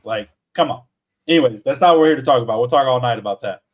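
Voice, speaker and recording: A man's voice: medium pitch, fast talker. A man co-hosting a sports podcast in casual chat, rambling with many self-corrections. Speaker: podcast co-host.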